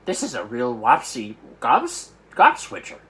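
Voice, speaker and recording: A man voicing a huge, excitable old giant who mangles his grammar and invents words, with loud outbursts. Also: medium pitch, normal speed. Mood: agitated.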